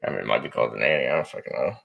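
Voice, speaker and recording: Deep-voiced male co-host, blunt and crude. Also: very fast, gravelly, muffled recording. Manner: blunt, profane. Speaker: podcast co-host. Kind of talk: casual podcast chat.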